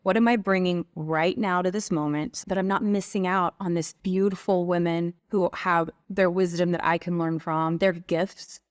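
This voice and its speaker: A woman's voice: lowish voice, fairly even intonation, moderate pace, few pauses, dry recording, clean studio sound. A woman guest who leads women's retreats, speaking in a flowing, earnest, reflective way with frequent filler words. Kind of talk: reflective conversational coaching talk.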